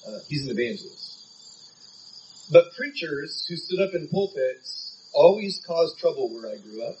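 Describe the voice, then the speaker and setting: A man's voice: fairly high pitch, animated, moderate pace, a little mellow, distant mic, a little hiss or hum, rough recording. A man preaching a sermon in an earnest, conversational way, from San Diego.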